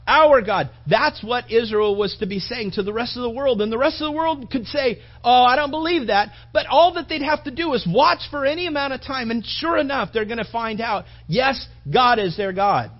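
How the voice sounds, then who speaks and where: High-voiced man preaching conversationally. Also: highs cut off. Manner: conversational, emphatic preaching with repetitions. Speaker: pastor. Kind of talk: sermon.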